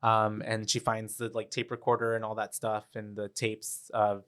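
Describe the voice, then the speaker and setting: A man's voice: fairly low pitch, monotone, normal speed, fairly bright tone, clear, resonant tone. A man co-hosting a casual podcast, recapping a horror movie in a loose, rambling way full of fillers. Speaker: podcast co-host.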